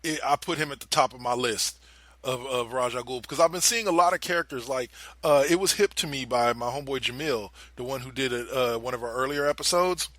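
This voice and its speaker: Bright-voiced man telling a story. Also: mid-range voice, a little fast, no echo. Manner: animated storyteller, swears freely, drops into quoted voices. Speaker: podcast co-host. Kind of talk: casual chat.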